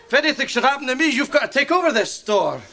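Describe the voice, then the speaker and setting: A man's voice: very high-pitched, very animated, fast, gravelly, exaggerated voice. A man playing a raging Scottish shop dad. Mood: bickering. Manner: blustering, shouts threats then gushes affection. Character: hot-tempered Scottish shop-owner dad, older. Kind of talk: sketch comedy acting.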